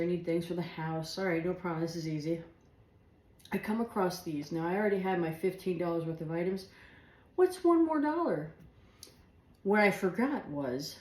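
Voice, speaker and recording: A woman's voice: fairly low pitch, darkish tone. A woman chatting casually while she cooks and tastes food in her home kitchen, rambling from one thought to the next. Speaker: home cooking vlogger. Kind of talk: casual chat while cooking. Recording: echoey kitchen with faint household noise.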